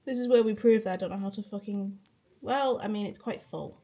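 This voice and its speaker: A woman's voice: mid-range voice, brisk, warm tone. Woman, 20s, faint Northern English accent, casual home vlog, chatty, swears, laughs often. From Liverpool, England. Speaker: vlogger. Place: home kitchen and flat, indoors. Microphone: handheld phone or camera.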